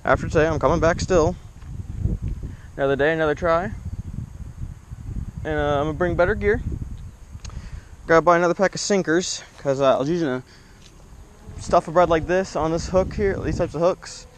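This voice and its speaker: A young man filming his own fishing trip at a lake shore, talking in an excitable, rambling way and swearing when frustrated. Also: a little high, normal speed, long pauses, slight background noise. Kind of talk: casual outdoor fishing vlog.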